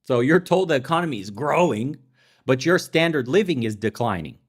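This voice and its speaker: A man's voice: medium pitch, animated, brisk, slightly rough. A young adult man hosting a podcast, ranting in heated political commentary with sarcastic, profane, mocking asides. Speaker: podcast host.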